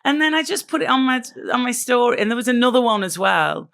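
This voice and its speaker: Middle-aged English woman, podcast co-host, gravelly low voice, jokey and chatty. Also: lively intonation, fast, a bit bright. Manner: chatty, jokey storyteller, swears lightly. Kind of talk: casual chat.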